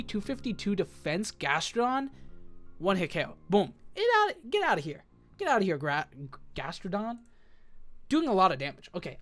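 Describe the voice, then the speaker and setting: A man giving casual, rambling commentary as he builds a competitive team, thinking aloud and correcting himself with lots of fillers. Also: a little high.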